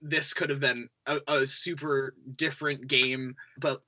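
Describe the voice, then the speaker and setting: An earnest man contestant talking through the vote. His voice is very bright and sharp. The recording sounds dull and lo-fi. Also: mid-range voice, little pitch movement, measured pace. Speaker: game show contestant. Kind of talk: confessional talk to camera. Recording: muffled, dull lo-fi audio.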